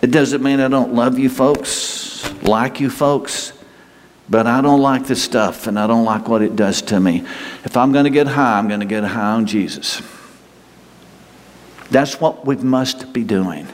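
A man preaching a sermon in a conversational way, asking his listeners questions and leaving pauses. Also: medium pitch. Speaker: pastor. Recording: long hall reverb.

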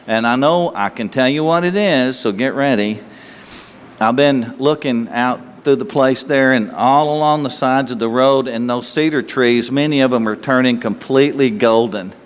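A man preaching a conversational sermon, slightly hoarse with an itchy throat, asking his listeners questions in a folksy way. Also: mid-range voice, moderate pace. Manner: folksy, asks the listeners questions, laughs easily. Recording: long hall reverb.

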